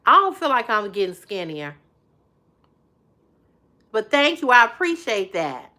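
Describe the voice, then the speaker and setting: Woman, livestream host; slightly high, very lively pitch; easygoing, laughing, teasing banter. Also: a little slow. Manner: laughs often, exclaims loudly; chatty, teasing, folksy. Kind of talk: casual livestream chat reading viewer comments.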